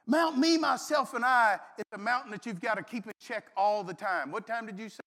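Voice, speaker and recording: High-voiced preacher in a reverberant hall. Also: male voice, a little fast. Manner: folksy, animated, shouts and laughs through stories. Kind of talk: sermon with storytelling.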